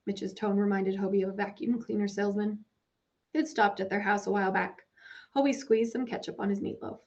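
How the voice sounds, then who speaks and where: A woman narrating a children's novel in a measured storytelling manner. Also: medium pitch, vocal fry, darkish tone. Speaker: audiobook narrator. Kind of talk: scripted narration. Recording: dull lo-fi recording.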